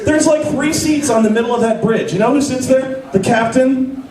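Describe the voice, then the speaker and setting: Man doing live stand-up, high voice, profane ranting, echoey hall, roaring crowd. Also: normal speed. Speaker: stand-up comedian. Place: convention stage, large hall. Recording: echoey hall recording, mic far off. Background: audience laughing.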